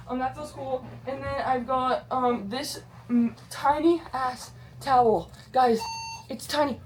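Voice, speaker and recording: A woman's voice: a little high, moderate pace, noisy background. A woman vlogging in a casual, rambling way, bubbly and self-deprecating, swearing freely and using a lot of slang. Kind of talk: casual chatty vlog.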